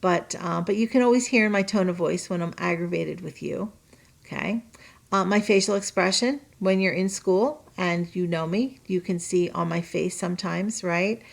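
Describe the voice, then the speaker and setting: Gravelly, low-voiced woman teacher. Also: moderate pace. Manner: chatty, checks in with tag questions; personal examples, restarts mid-sentence. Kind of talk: recorded online lesson for students.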